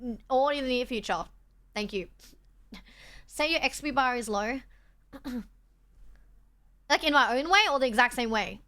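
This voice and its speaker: A woman's voice: on the high side, unhurried, pauses often, pushed and bright. A young woman streaming, chatting casually and reading her chat aloud, tired from travel. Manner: chatty, reads chat aloud, self-deprecating.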